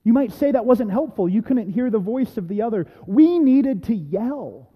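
A male pastor preaching a sermon, telling a personal story in a lively, conversational way with casual asides. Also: very high-pitched, normal speed, husky, long reverb tail, lo-fi sound. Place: church sanctuary.

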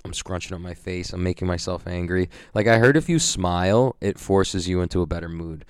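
This young grappling competitor has a low, smooth voice and a brisk delivery, recorded dry and clean in a studio. In a casual vlog, he recaps his competition day, swearing liberally and rambling, full of "like" and filler words.

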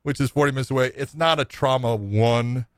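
Middle-aged man, casual profane storyteller, mid pitch, dry sound. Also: brisk, no room sound. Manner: rambling, profane, self-mocking.

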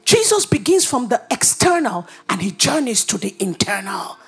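A woman preaching a sermon, animated and humorous, dropping to whispers and rising to shouts. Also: fairly high pitch, moderate pace, husky.

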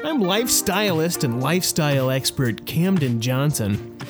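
A man's voice: on the high side, big pitch swings, unhurried, music in the background. A man co-hosting a comedy podcast with mock-grand, jokey banter. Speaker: podcast co-host.

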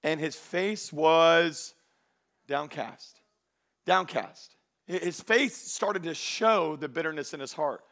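High-voiced joking male pastor. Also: a little slow, few pauses. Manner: animated and joking, acts out quoted voices. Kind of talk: sermon.

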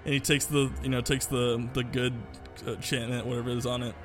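A man's voice: medium pitch, level tone, a little fast, over music. A young man co-hosting a podcast, telling a long story in casual chat, rambling with lots of fillers and swearing. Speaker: podcast co-host.

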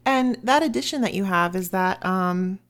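A woman's voice: mid-range voice, normal speed. A woman co-hosting a casual book podcast, talking in a chatty, eager way and rattling off lists.

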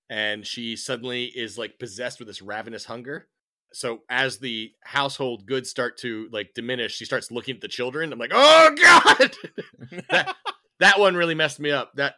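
A man's voice: mid-range voice, pushed and bright. A man co-hosting a podcast in casual chat, recapping with plenty of "like" and "you know" and laughing often. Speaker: podcast co-host.

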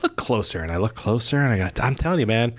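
A middle-aged man hosting a casual podcast. He spins stories with plenty of energy and acts out what other people said. His delivery is full of restarts and relaxed asides. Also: mid-range voice, rapid-fire. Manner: animated storyteller, acts out quotes. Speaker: podcast host.

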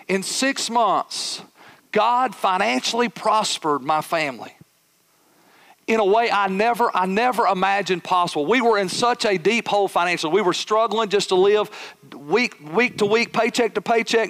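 Man, pastor, high-pitched, animated sermon storytelling. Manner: animated, acts out dialogue in his story.

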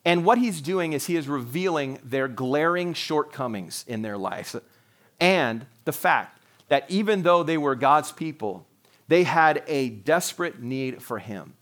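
Pastor in his forties, higher-pitched male voice, earnest and conversational sermon delivery. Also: animated, measured pace, a bit bright. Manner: earnest, conversational preaching with restarts.

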